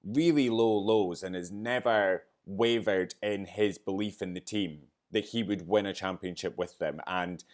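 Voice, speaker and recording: A man's voice: sits low, a little slow, hardly any pauses. A man hosting a motorsport podcast, hungover and emotional, talking in an effusive, chatty way. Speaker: podcast host. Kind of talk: casual podcast commentary.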